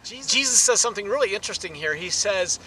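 A man teaching a sermon, animated, his voice rising for emphasis. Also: quick pace, a little hiss or hum, poor audio. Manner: animated, rises in pitch and volume for emphasis. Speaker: pastor.

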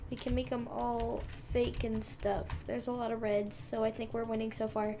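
Delivering flatly at a moderate pace, a young woman with a voice on the high side hosts a gaming channel over background noise. She's chatty and playful, talking to her viewers as she clicks through casual gameplay.

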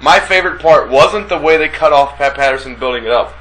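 A man's voice: on the high side, a little fast, fairly bright tone, slight background noise, low-quality recording. A man co-hosting a casual wrestling talk show, blunt and argumentative, swearing freely. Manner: blunt, profane, argumentative, mimics people. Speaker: radio show co-host.

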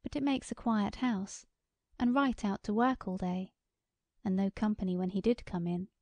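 A blunt country farm wife, played by a woman narrator, talks in a mellow, gravelly voice. Her speech is plain and direct, recorded close and dry for an audiobook. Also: medium pitch, steady tone, normal speed, no room sound. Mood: rueful. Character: plain-spoken rural farm wife, regretful.

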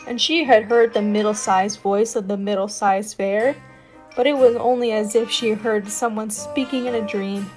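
A woman telling a fairytale as a guest storyteller, reading expressively with lively emphasis. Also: fairly high pitch. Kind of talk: storybook narration. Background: background music.

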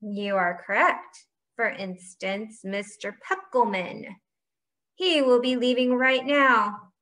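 A woman voicing an eccentric, booming older game-maker in a storybook read-aloud. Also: takes it slowly, pushed and bright. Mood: theatrical. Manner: booming, theatrical.

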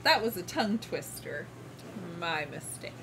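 A woman's voice: lowish voice, sing-song, unhurried, noisy background. A woman hosting a casual gaming vlog with her daughters, chatty and laughing easily. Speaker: gaming vlog host and mother.

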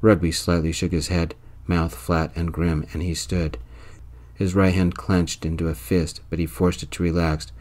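A man softly narrating a first-person story in a calm, soft-spoken whispered role-play. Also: low-pitched, moderate pace.

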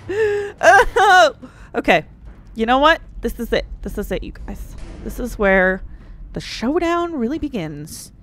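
High, lively woman gaming host. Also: a little hiss or hum. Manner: excitable, sarcastic, swears freely, yells at enemies. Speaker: let's play host. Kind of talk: gameplay commentary.

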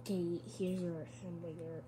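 A woman's voice: fairly low pitch, level tone, moderate pace, heavy background noise. A woman giving casual, chatty let's-play commentary, giggling and talking back to a game character. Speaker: gamer.

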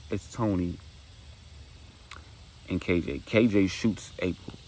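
A man's voice: sits low, slow, a little mellow, slight background noise, poor audio. A man casually retelling a dramatic story, acting out dialogue and making sound effects.

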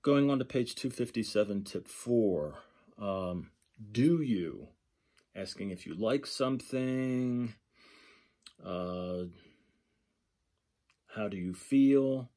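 Male instructor, low mellow voice, unhurried, thinks aloud through textbook examples. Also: expressive. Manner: slow, thinking aloud, repeats example glosses. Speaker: sign language instructor. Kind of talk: lecture walking through a textbook.

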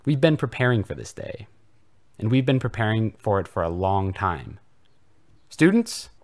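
A man's voice: lowish voice, expressive, moderate pace. A man voicing a self-righteous, preachy old male headmaster in a comedic fanfiction reading. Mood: commanding.

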